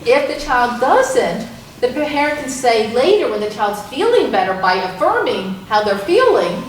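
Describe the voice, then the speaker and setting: A woman's voice: a little high, big pitch swings, moderate pace, slight background noise. A woman leading a parent information night, talking earnestly and rambling with restarts. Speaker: program leader. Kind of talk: presentation to parents. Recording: echoey room from far off.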